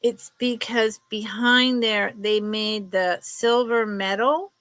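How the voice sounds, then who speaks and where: A woman's voice: a little high, fairly even intonation, takes it slowly, fairly bright tone, no room sound. A woman hosting a casual live sale from her table, chatty and rambling, laughing often as she shows items. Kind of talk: casual live selling stream.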